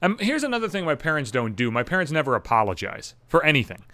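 A man's voice: on the high side, very animated, fast talker, pushed and bright, dry recording. Young man, podcast host, swearing, sarcastic rant, dry close sound. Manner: profane, bitter ranting with sarcasm. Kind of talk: solo podcast monologue.

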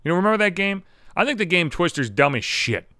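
Man, podcast host, profane sarcastic rant, smooth clear voice, somewhat high. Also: sing-song, fast, sharp tone, no echo, clean studio sound.

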